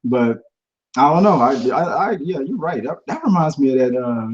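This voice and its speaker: A man's voice: fairly high pitch, expressive, moderate pace. Guy hosting a chill podcast, rambly and easygoing, kinda dull muffled audio. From Houston, Texas. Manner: laid-back, rambling, laughs often. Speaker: podcast host. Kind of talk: casual chat.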